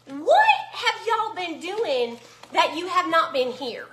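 A high, lively-voiced woman with a Southern US drawl talks her audience through a recipe in a casual cooking vlog. Her tone is bright and folksy, full of self-teasing asides. The sound carries the echo of a home kitchen. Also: slow pace.

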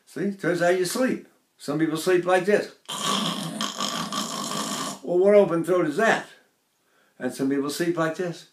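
Older male vocal coach, higher speaking pitch, echoey classroom sound. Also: unhurried, long pauses. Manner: talks to his class, breaks into brief sung and nasal demonstrations. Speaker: voice teacher. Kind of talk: vocal lesson with sung demonstrations.

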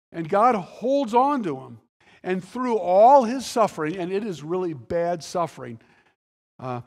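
A man's voice: sits high, in a large hall. A male pastor delivering a conversational sermon, full of restarts and quoted dialogue that he acts out. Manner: conversational preaching with restarts and dramatic quoted voices. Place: church sanctuary.

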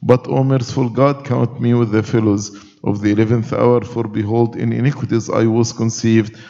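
Male clergy voice, solemn liturgical recitation, mellow tone, long church reverb. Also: mid-range voice, little pitch movement, normal speed, gravelly, muffled recording.

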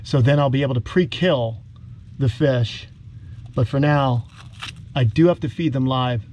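A man's voice: mid-range voice, unhurried, a little mellow. Casual vlog host, man, New York accent, upbeat outdoors with faint background noise. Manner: enthusiastic, talks to the lizards like pets. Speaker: reptile keeper and channel host. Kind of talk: casual outdoor vlog narration while feeding animals.

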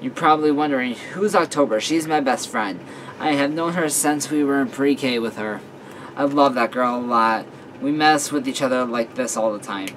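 Halting young man reading a story aloud. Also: medium pitch, a bit bright, slight background noise, low-quality recording. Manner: halting, with fillers and self-corrections. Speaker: story reader. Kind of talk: casual reading of a fan story.

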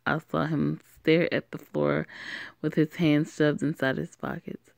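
A young woman narrating her own story in a casual, deadpan style, with the odd curse word. Her voice is low and unhurried with a gravelly fry, recorded dry and close. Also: dry recording. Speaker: narrator and voice actor. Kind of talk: first-person story narration.

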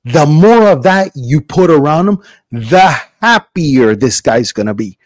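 A middle-aged man hosting a podcast in casual chat, an animated storyteller who acts out quotes in big voices. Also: a little high, a little slow, no echo. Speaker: podcast host.

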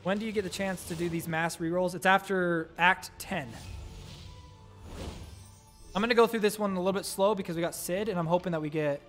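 A man streaming live gameplay, reading out game text and reacting excitably to each summon, pleading and groaning at bad luck. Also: high voice, brisk, long pauses, soft background music. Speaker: gaming streamer.

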